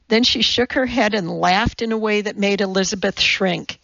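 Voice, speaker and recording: A woman narrates a novel in an even, measured way. Her delivery is unhurried and gravelly, in a dry room. The recording has a dull, lo-fi sound. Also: fairly low pitch, dry recording. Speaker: audiobook narrator. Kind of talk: scripted narration.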